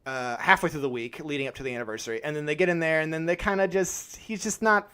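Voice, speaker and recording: A man co-hosting a podcast, chatting casually about a film, animated and given to crude jokes. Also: on the high side, fast talker, clean tone. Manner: animated, acts out characters' lines, crude humor. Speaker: podcast co-host. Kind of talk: casual film-review chat.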